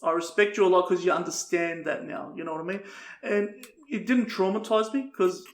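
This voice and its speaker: A man's voice: sits high, fairly quick. A young man co-hosting a podcast, telling absurd tall tales with a straight face and swearing a lot. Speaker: podcast co-host. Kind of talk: crude comedic banter. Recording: roomy echo.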